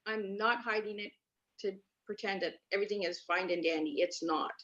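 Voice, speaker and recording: This podcast guest is a woman from Canada with a mid-range, fairly bright voice and a brisk delivery. Speaking over a remote call, she relates her personal story earnestly and emphatically, often repeating herself for emphasis; the audio is dull and lo-fi.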